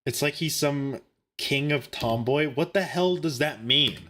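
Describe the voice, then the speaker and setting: A man's voice: fairly high pitch, a little slow, bright, forceful tone, a little hiss or hum. A young man streaming a game and defensively joking back at his chat. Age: young adult. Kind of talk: casual live-stream chat.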